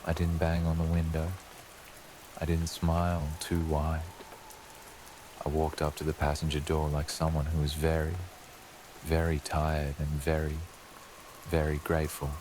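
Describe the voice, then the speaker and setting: A male narrator with an extremely deep voice tells a bedtime horror story in a slow, ominous drawl. His delivery stays flat and even, and soft rain patters faintly behind him. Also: background noise. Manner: slow, ominous second-person telling as a lurking presence. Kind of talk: scripted horror narration for sleep.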